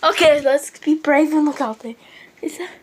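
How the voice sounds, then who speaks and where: A woman's voice: high-pitched, normal speed, slight background noise, poor audio. A young woman vlogging casually at home with her cat, rambling and giggly, swearing now and then. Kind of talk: casual chat to camera.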